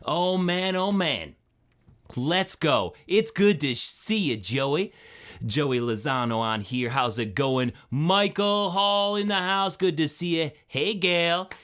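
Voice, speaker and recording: A man hosting a live stream, energetic and friendly, greeting chat viewers one by one by name. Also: a little high, slow pace, smooth.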